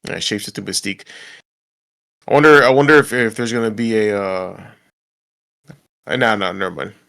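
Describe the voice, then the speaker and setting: This podcast co-host has a lowish, gravelly voice with a fairly bright tone and talks at a moderate pace. His casual chat rambles, full of laughter and restarts.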